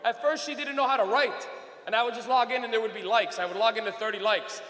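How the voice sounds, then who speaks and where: Fast-talking and very high-voiced, this young comic sounds pushed and bright yet keeps a steady tone. His stand-up is brash and profane, delivered as laughing storytelling in a club with long, echoing reverb.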